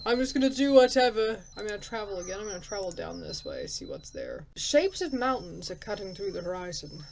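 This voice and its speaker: A woman's voice: lowish voice, creaky, a little hiss or hum, poor audio. A woman playing a story game, reading its text aloud and thinking aloud in casual, chatty commentary, laughing at herself. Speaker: let's player.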